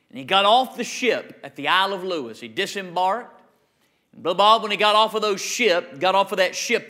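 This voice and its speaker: Preacher guy, high bright voice, fiery sermon. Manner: emphatic preaching, slows on scripture. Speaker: pastor.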